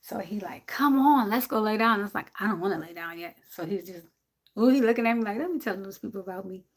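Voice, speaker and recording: This livestream host, a woman from Jersey City, USA, has a medium-pitched voice with a breathy edge and a quick pace. She chats casually with viewers and her dog.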